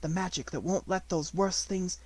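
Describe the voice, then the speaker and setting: Give me a man playing a tender little girl, breathless and hushed, with a high voice. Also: normal speed, no room sound, poor audio. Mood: eager whispers. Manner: breathless, hushed, rising to excited cries.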